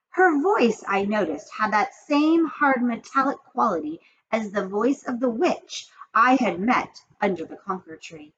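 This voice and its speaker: A woman reading a children's story aloud with expressive, dramatic storytelling. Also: mid-range voice, measured pace, hardly any pauses, highs cut off. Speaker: reader of children's books. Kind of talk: storybook read-aloud narration.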